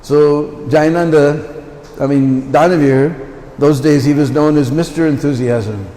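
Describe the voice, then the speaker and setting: A man's voice: on the high side, takes it slowly, dark tone. Storytelling man in a temple hall. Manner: anecdotal, chatty asides. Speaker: visiting lecturer. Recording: long temple hall reverb.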